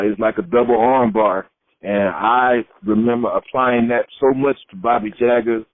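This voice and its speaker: A man's voice: mid-range voice, dry recording. Middle-aged man telling stories over a tinny line. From Florida, USA. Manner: lively storyteller who acts out quoted voices. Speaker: retired pro wrestler, interview guest. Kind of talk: storytelling shoot interview. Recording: tinny phone-like line, dry.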